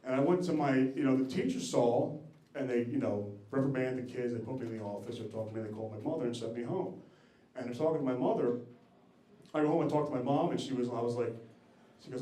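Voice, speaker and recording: A man's voice: mid-range voice, quick pace, mellow. Profane, self-mocking stand-up man. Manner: profane, self-deprecating, teasing the crowd. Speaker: stand-up comedian. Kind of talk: stand-up set. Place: comedy club stage. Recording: echoey club room.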